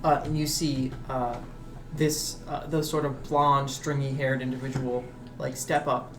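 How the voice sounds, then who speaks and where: A man narrating as game master of a tabletop game, pausing often with ums and uhs. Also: mid-range voice, flat delivery. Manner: hesitant, many ums and uhs.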